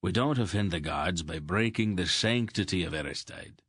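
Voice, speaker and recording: A man's voice: sits low, expressive, normal speed, a bit bright, husky, no echo, clean studio sound, full character voice. A man voicing a stubborn, pious farmer who speaks with formal, old-fashioned courtesy in an audiobook. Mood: firm.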